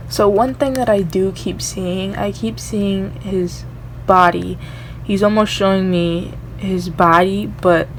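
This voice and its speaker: A woman's voice: on the low side, slight background noise. A young woman doing a medium reading on her vlog, earnest and rambling, full of "you know" fillers. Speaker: tarot reader.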